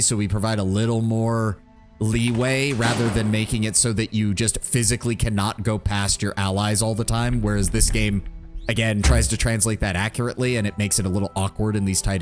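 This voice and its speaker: A man's voice: fairly low pitch, flat delivery, fairly quick. A man giving casual, rambling commentary while playing a game and thinking aloud. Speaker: streamer. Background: game music.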